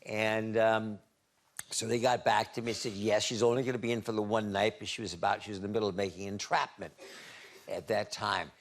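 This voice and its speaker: A man in his seventies, a talk show guest, telling anecdotes in a halting way, repeating words and laughing at his own stories. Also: on the low side, flat delivery. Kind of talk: anecdotal storytelling. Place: TV studio.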